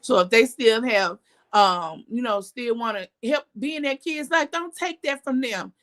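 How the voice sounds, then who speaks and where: A woman hosting a casual talk show and reading out comments, hoarse with her morning voice and a chatty, animated way of talking. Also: a little high, measured pace. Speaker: podcast host.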